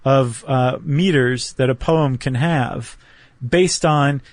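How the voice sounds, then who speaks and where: A man's voice: mid-range voice, slow pace, no echo. A man co-hosting a podcast, explaining things step by step in a chatty, self-deprecating way. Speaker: podcast co-host. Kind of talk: casual explanatory chat.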